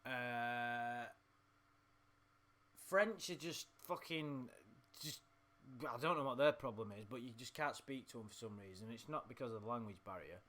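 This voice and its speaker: A man's voice: medium pitch, unhurried, pushed and bright. An English man reading out chat logs and ranting in a sweary, mocking, rambling way. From England. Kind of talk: casual reading and ranting commentary.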